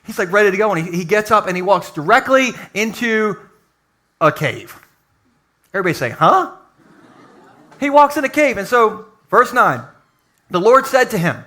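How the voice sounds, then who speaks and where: A male pastor preaching a sermon at a live church service, lively and joking, acting out quotes. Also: high-pitched, moderate pace.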